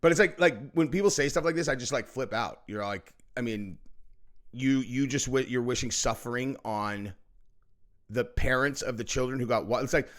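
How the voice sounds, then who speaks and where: A man's voice: medium pitch, normal speed. A man hosting a political commentary show, ranting in a heated, profane and mocking way, often acting out quotes.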